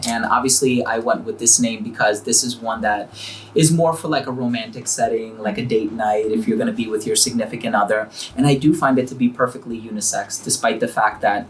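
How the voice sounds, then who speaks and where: A man's voice: medium pitch, steady tone, fairly quick, slight background noise. Man explaining in friendly casual talk. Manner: explanatory, friendly, uses fillers like you know. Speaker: host and perfume brand founder. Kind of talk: casual interview.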